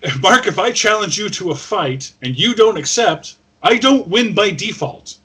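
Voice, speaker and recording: A man from Canada co-hosts a casual movie podcast, and he retells the plot with jokey little character voices. His voice is bright and a bit husky, and he sits somewhat higher than most men. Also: animated, moderate pace. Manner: recaps plot with joking put-on voices. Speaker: podcast co-host.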